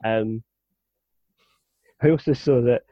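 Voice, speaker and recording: A man co-hosting a podcast, talking casually and haltingly as he thinks aloud. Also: medium pitch, dry recording. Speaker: podcast co-host. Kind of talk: casual chat. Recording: dry, slightly dull mic sound.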